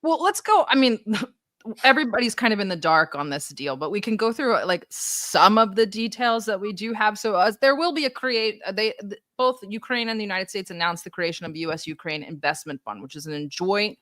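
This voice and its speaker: A woman's voice: mid-range voice, lively intonation, a little fast, a bit bright, no room sound, clean studio sound. A woman hosting a political livestream, explaining a deal in a wry, casual way and laughing at her own remarks. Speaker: livestream news host.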